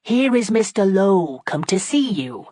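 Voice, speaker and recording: Woman doing a firm older matron, clear and impatient, dry audiobook sound. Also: lowish voice, expressive, a little slow, no room sound. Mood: brisk. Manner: loud, distinct, impatient. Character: brisk, commanding older matron. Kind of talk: audiobook character voice.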